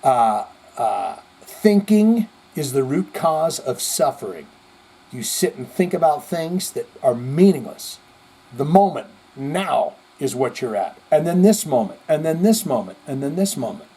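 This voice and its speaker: A male podcast host reading viewer comments in casual, rambling commentary, animated and profane, jumping between loud outbursts and mutters. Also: fairly high pitch, measured pace, husky. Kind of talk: casual live-chat commentary.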